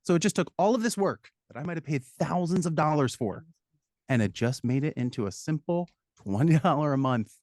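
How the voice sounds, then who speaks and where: A man, a business consultant, talking as a guest in a studio interview, lively and explaining with examples. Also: fairly high pitch, brisk, dry recording. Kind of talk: casual interview chat.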